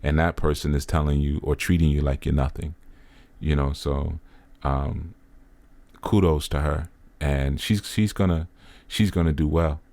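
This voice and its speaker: Deep-voiced man preaching earnestly. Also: steady tone, unhurried, gravelly, a little mellow, dry recording. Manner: earnest, preacher-like, repeats phrases for emphasis. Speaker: spiritual teacher commenting on a video. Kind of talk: reflective commentary monologue.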